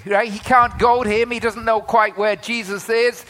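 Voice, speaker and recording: A man preaching a sermon in a bright, clear voice that sits high for a man. His delivery is conversational, full of asides and quick tag questions to the listeners. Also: steady tone.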